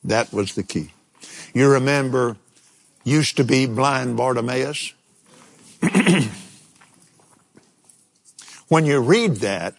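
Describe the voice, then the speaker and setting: An older man preaching a sermon, telling a personal story in an animated way and chuckling now and then. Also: mid-range voice, slow pace, pauses often.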